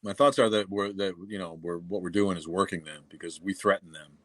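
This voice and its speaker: Deep-voiced, blunt New England man. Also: brisk, a bit bright, no room sound. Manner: blunt and profane, with many fillers and restarts. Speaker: livestream host. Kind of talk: casual livestream talk.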